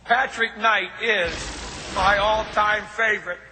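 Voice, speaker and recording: A man's voice: high-pitched, steady tone, takes it slowly. An older man, a coach, giving an emphatic, showy speech. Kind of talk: speech from archive. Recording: noisy hall recording with clicks.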